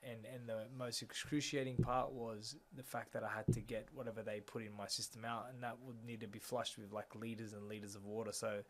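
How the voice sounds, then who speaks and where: A man's voice: on the low side, flat delivery, fairly quick, few pauses, a bit bright, a little hiss or hum. A man in his thirties, an interview guest, earnestly telling a personal story and retelling scenes through quoted dialogue, with many fillers. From Australia.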